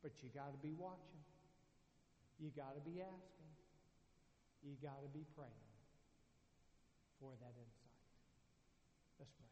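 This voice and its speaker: A man's voice: fairly high pitch, a little slow, long pauses, dark tone, reverberant, in a large hall, a little hiss or hum. A man preaching as a pastor, telling a story animatedly and acting out his own lines. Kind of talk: sermon with storytelling.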